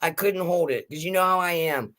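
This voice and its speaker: Middle-aged woman, storyteller, laughs easily, lively and chatty. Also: fairly low pitch, a little fast. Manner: animated, laughs through her story. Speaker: guest telling a family story. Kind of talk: casual storytelling.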